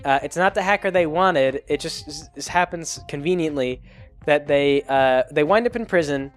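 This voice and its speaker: A man's voice: a little high, moderate pace, soft background music. A young man casually recapping a movie in a rambling way, full of fillers and restarts. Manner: rambling, lots of fillers and self-corrections. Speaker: podcast host.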